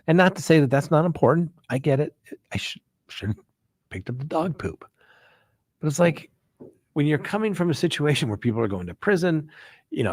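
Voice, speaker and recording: A man's voice: on the high side, darkish tone, dry recording, clean studio sound. A man hosting a live show as a criminal defense attorney, talking casually in a folksy way with frequent "right?" asides. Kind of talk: casual live-stream talk.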